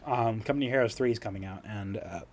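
Excitable, blunt podcast co-host man. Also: lowish voice, fast. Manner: excitable, blunt, swears freely. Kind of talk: casual gaming podcast chat.

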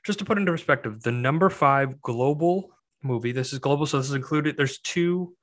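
A man's voice: medium pitch, fairly quick, a bit bright. A young man co-hosting a casual movie podcast, rambling with restarts and dry, exasperated asides. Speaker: podcast co-host.

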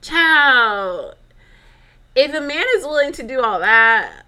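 Young woman host, lively dramatic storyteller, bright lower voice. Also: normal speed. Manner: chatty, dramatic, lots of fillers and asides. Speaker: podcast host. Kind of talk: casual storytelling monologue.

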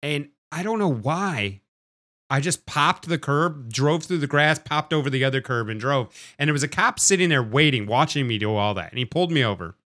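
A man's voice: mid-range voice, lively intonation, brisk, bright, forceful tone, no room sound, clean studio sound. A man co-hosting a podcast, telling a rambling anecdote in casual chat. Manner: rambling anecdote with quoted voices. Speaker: podcast co-host. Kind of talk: casual storytelling.

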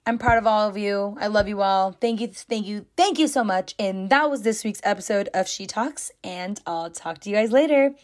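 A woman's voice: mid-range voice, moderate pace, hardly any pauses. A young woman hosting her own podcast, talking to listeners in a gushing, chatty way and filling her sentences with "like". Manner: gushing and chatty, heavy use of "like". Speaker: podcast host. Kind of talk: casual solo podcast chat.

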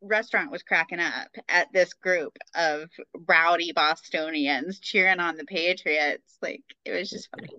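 A woman co-hosting a podcast, talking in a fast, chatty way with lots of fillers. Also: on the low side, pushed and bright, no room sound. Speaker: podcast co-host. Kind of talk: casual chat. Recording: dull lo-fi sound.

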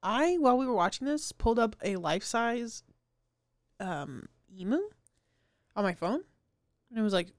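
Higher-voiced woman joking on a podcast. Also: lively intonation, normal speed, pauses often, no room sound, studio quality. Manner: joking, laughs often. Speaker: podcast co-host. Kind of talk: casual chat.

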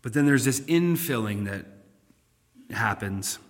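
A male pastor leads a Bible study in a relaxed, conversational way. He turns louder and more emphatic when he reads scripture aloud. His voice sits at a middling pitch, and long reverb trails each phrase as in a big hall. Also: a little slow.

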